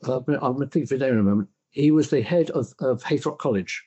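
An older man with a husky, slightly breathy voice speaks as a guest in a conversation. He tells his stories thoughtfully and often stops to restart a sentence. His self-deprecating asides keep the tone modest. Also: mid-range voice, fast talker, dark tone, dull audio. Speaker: interview guest. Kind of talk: reflective conversational storytelling.

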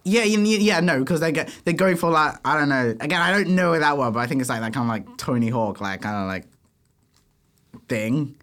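Hesitant man, slightly high voice. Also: animated, brisk, a bit bright. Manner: hesitant, rambling with many fillers. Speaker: podcast co-host. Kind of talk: casual film review chat.

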